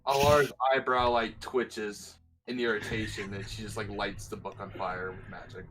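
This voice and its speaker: A player in a tabletop role-playing game, talking in an animated, exasperated way. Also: mid-range voice, moderate pace, over music, rough recording.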